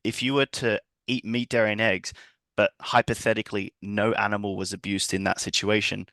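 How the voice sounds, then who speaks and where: Low gravelly male podcast host. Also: little pitch movement, fairly quick, pushed and bright, no room sound. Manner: hesitant, restarts and fillers. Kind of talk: casual podcast conversation.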